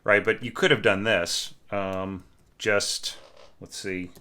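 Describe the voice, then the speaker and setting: Bright-voiced man critiquing a score. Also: fairly low pitch, steady tone, slow pace, clear, resonant tone. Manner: conversational, sings phrases, keeps asking "right?". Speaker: orchestration teacher.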